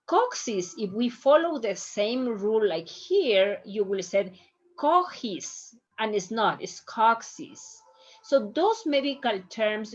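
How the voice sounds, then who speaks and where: A woman teaches a language lesson at an unhurried pace, patiently repeating each word so learners can follow. Her voice sits in a middle pitch. The recording sounds a little dull and lo-fi. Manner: slow, patient, repeats words for pronunciation. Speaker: Spanish teacher.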